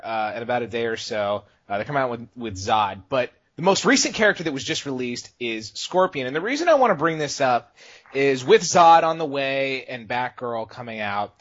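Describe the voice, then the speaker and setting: A man's voice: mid-range voice, a bit bright. A man hosting a casual chat, amused and laid-back, laughing easily. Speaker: podcast host. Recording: dull lo-fi.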